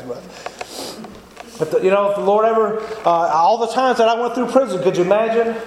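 A man's voice: sits high, fairly quick. A man giving an earnest, repetitive testimony sermon in a church. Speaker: lay preacher giving testimony. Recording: echoey church room, faint noise.

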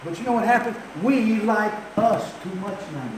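An older man with a high, ringing voice preaches a storytelling sermon, jumping between loud outbursts and quiet asides. He is recorded from far off in a very echoey church. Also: animated, normal speed, background noise. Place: church sanctuary. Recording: very echoey, distant mic.

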